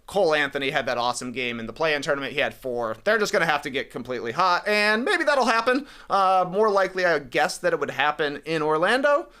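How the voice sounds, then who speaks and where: A man's voice: a little high, animated, pushed and bright, clear, resonant tone. An American man co-hosting a sports podcast, casually reviewing games and rattling off statistics. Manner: rattles off stats, quick asides. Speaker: podcast co-host.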